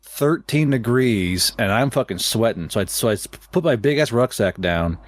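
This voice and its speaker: A man's voice: mid-range voice, lively intonation, normal speed, dry recording. A man telling a long travel story in casual chat, profane and rambling, with stammered restarts and laughs.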